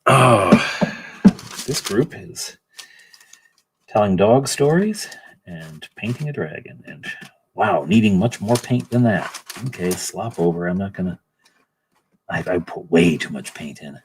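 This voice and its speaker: A man's voice: low-pitched, animated, a little slow, pauses often, slight background noise. A middle-aged man hosting a livestream, painting miniatures and chatting in a rambling way while greeting viewers by name. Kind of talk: casual livestream chat.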